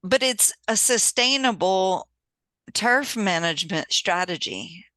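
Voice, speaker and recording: A woman's voice: mid-range voice, animated, takes it slowly, sharp tone, no echo. A woman hosting a casual interview, encouraging her guests with affirming replies. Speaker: interview host.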